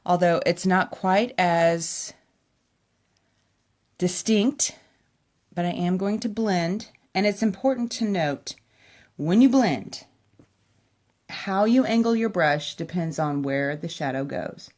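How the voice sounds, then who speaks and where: A woman's voice: fairly low pitch, slow pace, long pauses, a little mellow. A woman giving a chatty, enthusiastic makeup tutorial at home, talking straight to her viewers. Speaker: makeup vlogger. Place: at home by a window.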